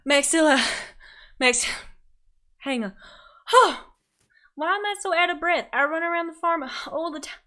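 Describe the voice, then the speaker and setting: A woman's voice: sits high, measured pace, long pauses, bright, forceful tone. A woman voicing a frantic young farm girl who is out of breath.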